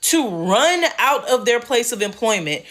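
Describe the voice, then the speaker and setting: A woman's voice: on the high side, big pitch swings, a little slow, fairly bright tone. A woman giving firm, critical commentary to camera.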